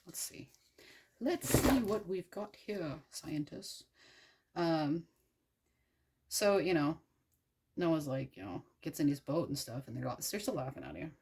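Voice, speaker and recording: A woman's voice: sits low, a little slow, creaky, long pauses, a little mellow, a little hiss or hum. A young adult woman from the United States retelling a story in a casual, irreverent and profane way, rambling with many fillers. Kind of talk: casual storytelling while crafting.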